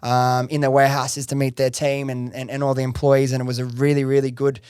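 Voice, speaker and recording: A man hosting a podcast, telling his startup story in casual chat, excitable, swearing freely and saying "like" a lot. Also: medium pitch, a little fast, smooth, no room sound, studio quality. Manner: excitable, swears freely, heavy use of "like" and "bro".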